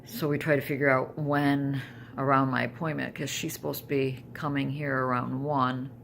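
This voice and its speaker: An older woman chats into her camera at home in a loose, rambling vlog, circling back and restarting her sentences. Her voice carries a gravelly, creaky edge, with a faint hiss of background noise under it. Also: extremely low pitch, little pitch movement, moderate pace, fairly bright tone. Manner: rambling, conversational, with trailing restarts. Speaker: vlogger. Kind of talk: casual personal health vlog.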